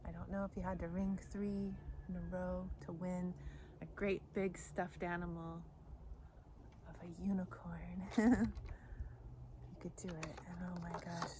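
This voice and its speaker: A woman's voice: lowish voice, darkish tone, a little hiss or hum. A woman from Idaho giving a casual tarot reading and telling a childhood story, laughing often. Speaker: tarot reader. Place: outdoors in the woods. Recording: faint outdoor ambience.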